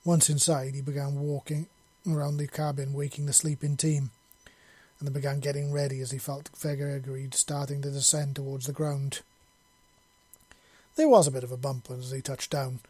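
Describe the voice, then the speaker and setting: A man narrating a story in a steady, even storytelling voice. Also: fairly high pitch, husky, no echo. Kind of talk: audiobook narration.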